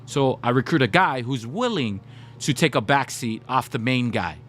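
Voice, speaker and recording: A man's voice: mid-range voice, animated, normal speed, fairly bright tone. A young man chatting casually with his stream viewers, telling stories and talking straight to the chat. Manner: chatty, storytelling, talks to chat. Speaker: gaming livestreamer.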